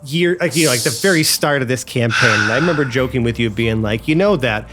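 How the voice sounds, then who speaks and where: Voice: medium pitch, quick pace, fairly bright tone, soft background music. A game master narrating a tabletop role-play in a rambling way, full of fillers.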